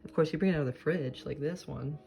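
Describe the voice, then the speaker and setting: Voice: mid-range voice, fast talker, creaky, faint music behind. A vlogger chatting casually to camera in a home kitchen, playful and rambling, full of quirky wordplay. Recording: loud background noise.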